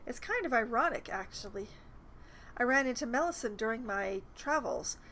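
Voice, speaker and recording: A woman reading aloud the game dialogue of a weary, hunted half-sibling, in a measured, rueful way. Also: fairly high pitch, animated, bright, forceful tone, slight background noise, rough recording.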